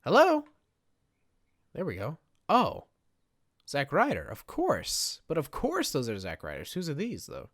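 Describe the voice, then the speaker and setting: A chatty man rambling through casual gameplay commentary, poking fun at himself as he goes. His pitch bounces up and down a lot as he talks. The sound is dry and close, with no room echo. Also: wildly swooping pitch, measured pace, a bit bright. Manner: rambling, chatty, self-mocking. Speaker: gaming video creator.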